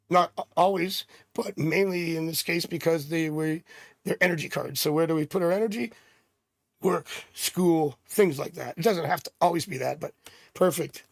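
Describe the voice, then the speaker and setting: Hosting a live tarot stream, a middle-aged man chats casually and drifts into rambling personal stories. His voice is a little high and creaky, captured at studio quality with no room sound.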